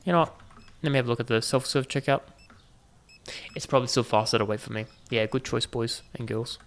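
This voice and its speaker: A man's voice: medium pitch, fairly even intonation, a little fast. A man hosting a gaming video, giving casual running commentary with joking asides to viewers. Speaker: gaming channel host.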